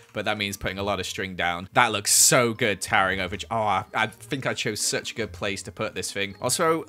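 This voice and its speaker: Young gaming host, excitable chatty delivery, bright voice with faint music under it. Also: male voice, on the low side. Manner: chatty and excitable, exclaims a lot. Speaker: gaming YouTuber. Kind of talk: casual gameplay commentary.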